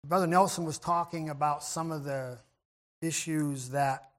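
Male preacher, higher register, gentle and reflective, clears throat often, restarts phrases. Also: steady tone, unhurried. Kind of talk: sermon.

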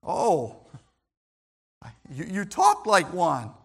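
A man preaching, voicing a suspicious bystander who quietly accuses someone in a lowered voice. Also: huge pitch swings, very slow, breathy edge, heavily acted. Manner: low, quiet, questioning.

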